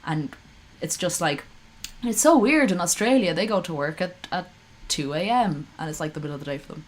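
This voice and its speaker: A woman's voice: lowish voice, animated, moderate pace. A woman streaming live, reacting to a call with sarcastic, profane, rambling commentary.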